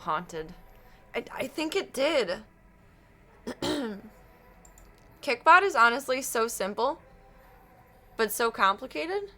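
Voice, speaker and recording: Bright, giggly woman streamer. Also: fairly high pitch, big pitch swings, slow pace, pauses often. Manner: giggly, rambling, self-deprecating. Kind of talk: casual live-stream chat.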